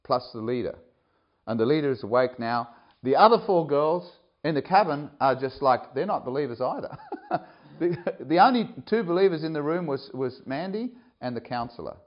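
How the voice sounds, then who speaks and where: Male preacher, sermon storytelling, very lively pitch, mid-range voice, muffled lo-fi recording. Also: normal speed. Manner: animated, rising excitedly when telling the story, with laughs. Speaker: preacher, camp director.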